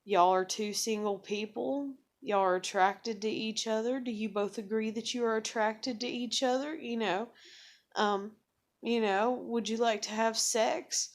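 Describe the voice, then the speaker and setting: A woman's voice: on the high side, fairly even intonation, measured pace. Young woman ranting with profane sarcasm. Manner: profane, rambling, heavy with "like" and "you know"; sarcastic, self-mocking. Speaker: vlogger. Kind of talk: casual venting monologue.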